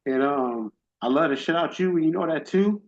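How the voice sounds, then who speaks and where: A man's voice: on the high side, expressive, moderate pace. A middle-aged man speaking at a summit, giving a heartfelt personal testimony in an emotional, faith-driven, casual and direct way. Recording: dull lo-fi audio.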